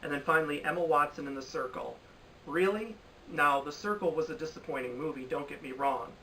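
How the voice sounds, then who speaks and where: A young man rants about films in a bright, forceful voice, swinging between exasperated emphasis and dry sarcasm. He sits a little away from the microphone, with a faint hiss of ambience behind him. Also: fairly high pitch, steady tone, quick pace, recorded from a distance, low-quality recording. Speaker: film commentator. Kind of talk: opinionated commentary. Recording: voice a bit off-mic with faint ambience.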